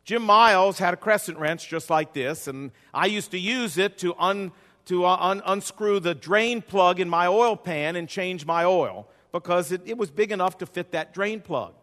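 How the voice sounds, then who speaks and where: A man's voice: high voice, moderate pace, bright, forceful tone. A male pastor preaching a sermon with a folksy storytelling style and a repetitive cadence, in a church sanctuary. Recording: long hall reverb.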